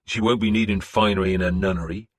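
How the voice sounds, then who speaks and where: A man's voice: sits low, fairly even intonation, fast, breathy edge, dry recording, clean studio sound. A man voicing a sullen captured warrior. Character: sullen male captive warrior. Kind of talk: audiobook character voice.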